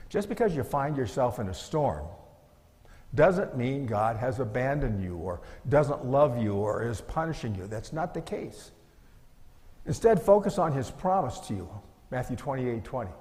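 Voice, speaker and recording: A man's voice: medium pitch, expressive, moderate pace, darkish tone, big-room sound. A middle-aged male pastor preaching a sermon in an earnest, conversational way, asking his listeners rhetorical questions.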